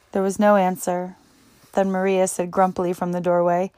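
A woman reading a novel aloud as narrator, in a steady, even way. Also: on the low side, a little fast, dry recording, clean studio sound. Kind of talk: audiobook narration.

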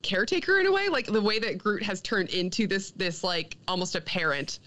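A woman co-hosting a comic book podcast, retelling a story in an animated, profane, casual way with many fillers. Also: medium pitch, brisk. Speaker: podcast co-host.

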